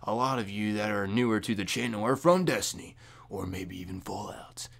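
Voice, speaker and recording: A young man making a casual gaming vlog into a microphone, loose and jokey, with loud high-pitched bursts when he mocks people. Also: brisk, gravelly. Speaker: gaming YouTuber. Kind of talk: casual talking-to-camera vlog. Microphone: desk microphone.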